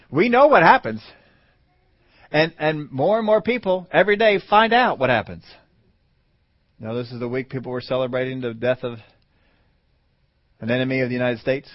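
A man's voice: medium pitch, animated, moderate pace, pauses often, no room sound. Chuckling conversational preacher man, dull dry audio. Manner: conversational, chuckling, rising to emphatic peaks. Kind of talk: sermon.

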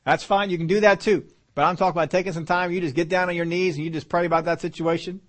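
Emphatic preacher, a man with a higher voice. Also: fairly even intonation, fast. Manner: emphatic, swinging between loud urgent bursts and quiet low asides; repeats and restarts phrases while preaching. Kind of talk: sermon.

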